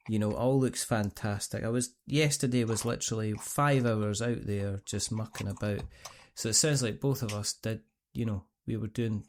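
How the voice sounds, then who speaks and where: A man's voice: lowish voice, darkish tone. A middle-aged man with a Scottish accent hosting a podcast, telling stories in a rambling, chatty way and often restarting his sentences. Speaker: podcast host. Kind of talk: casual chat.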